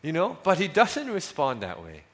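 A male pastor preaches in a relaxed, conversational manner. His voice sits a little high for a man and moves a lot. He often drops soft and low on key lines. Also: normal speed. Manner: conversational, with frequent fillers and restarts, dropping soft on key lines. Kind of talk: sermon.

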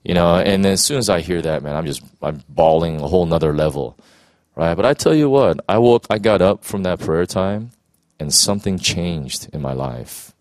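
A man's voice: deep voice, lively intonation, moderate pace, darkish tone, no room sound. A man who is a pastor telling an emotional personal testimony in earnest conversation, full of restarts and "you know"s.

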